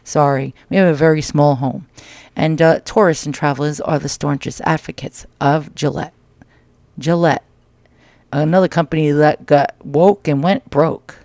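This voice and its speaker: A man's voice: a little high, steady tone, moderate pace, vocal fry, darkish tone, dry recording. A man with a New York accent casually reading old magazine ads aloud with crude, joking asides, recorded at home. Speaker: vlog host. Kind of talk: casual read-through commentary. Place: small home. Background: dryer tapping.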